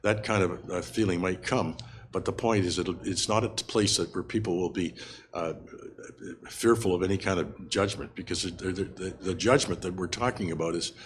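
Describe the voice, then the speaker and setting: A man's voice: low voice, a little hiss or hum. An older man teaching a Bible study in an unscripted, earnest way, often stopping to restart his sentences. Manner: halting, frequent restarts and fillers, earnest.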